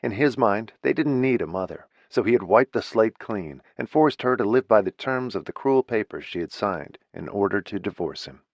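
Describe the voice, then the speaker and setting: Low-voiced male audiobook narrator. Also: expressive, moderate pace, hardly any pauses, dry recording, highs cut off. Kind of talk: scripted narration.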